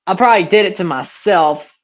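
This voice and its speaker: A man's voice: sits high, animated, a little fast. Blunt young man with a Southern twang. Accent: near-Southern American. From Mississippi, USA. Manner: blunt, rambling, slangy. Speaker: livestream host. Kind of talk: casual watchalong play-by-play and chat.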